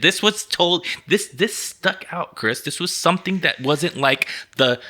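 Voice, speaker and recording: A man co-hosting a podcast in casual chat, telling stories in an animated, profane way. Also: fairly high pitch, moderate pace, hardly any pauses. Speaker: podcast co-host.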